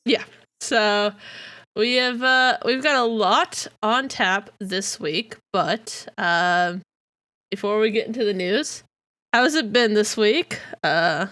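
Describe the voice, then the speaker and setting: In casual podcast chat, this woman co-host wanders along with many fillers, speaking slowly. Her mid-range voice has a fairly bright tone, and the audio is clean studio sound without room sound.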